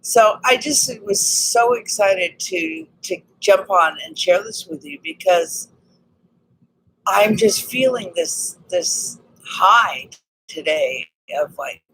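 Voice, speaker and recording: A woman with a slightly raspy voice talks excitedly and earnestly in a casual personal vlog about healing. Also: mid-range voice, slow pace, low-quality recording. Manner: earnest, excited, spiritual self-help talk. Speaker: vlogger.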